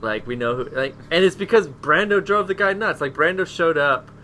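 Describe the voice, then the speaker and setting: A man's voice: a little high, normal speed, a little hiss or hum. A man co-hosting a casual podcast chat, telling stories with mimicked quotes and laughter. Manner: animated storyteller, mimics voices with laughs. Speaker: podcast co-host.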